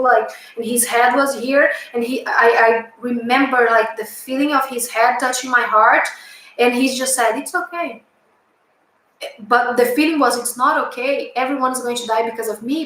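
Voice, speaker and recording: High-voiced woman in an echoey room. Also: a bit bright. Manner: hesitant, lots of fillers and restarts, earnest. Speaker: channel host recounting a past-life memory. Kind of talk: casual storytelling.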